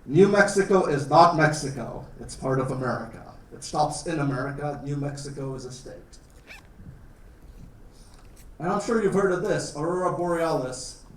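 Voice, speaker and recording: A man from Canada with a slightly high voice lectures a class about his home country. He keeps his wording simple and jokes as he goes. The sound is roomy and he stands away from the mic. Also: lively intonation, normal speed, a little hiss or hum. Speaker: guest lecturer. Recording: roomy, distant classroom recording.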